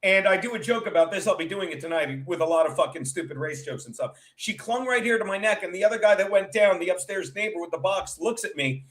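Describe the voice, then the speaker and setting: A man's voice: high voice, lively intonation, fast, hardly any pauses, a bit bright. A man hosting a show as a comedian, telling rambling stories in a casual, profane, chatty way. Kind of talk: casual rambling storytelling chat.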